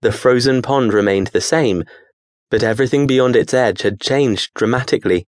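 A man narrating an audiobook in a measured, steady storytelling manner. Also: on the low side, dry recording, clean studio sound.

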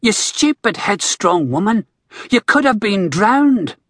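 A man's voice: high voice, animated, unhurried, pushed and bright, breathy edge, dry recording, full character voice. A man voicing an earnest, emphatic young male doctor, in an audiobook.

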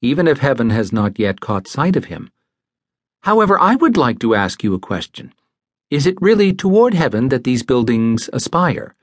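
A male narrator voicing a gentle, earnest male angel who speaks in a measured, formal way. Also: medium pitch, very animated, dry recording, studio quality. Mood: grave.

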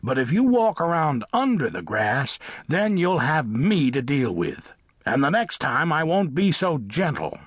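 A man voicing a blunt, no-nonsense male farm cat in an audiobook, speaking gruffly and matter-of-factly. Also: a little high, sing-song, a little slow, no room sound, clean studio sound, exaggerated voice. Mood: stern. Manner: gruff, warning, matter-of-fact. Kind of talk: audiobook character voice.

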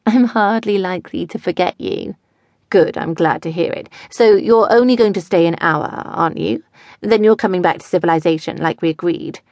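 A nervous young boyfriend stumbles over his words, read by a woman narrator. The tone sits low and a little gravelly. The sound is close and dry. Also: normal speed, darkish tone, no echo, close to an everyday voice. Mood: teasing. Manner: stammering, awkward. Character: teenage boyfriend, nervous, eager young man.

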